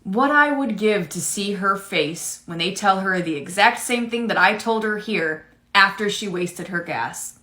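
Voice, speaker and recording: A woman playing a patient female retail cashier who stays flat and polite with rude customers in a comedy skit. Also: mid-range voice, unhurried, hardly any pauses. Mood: deadpan. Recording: echoey room.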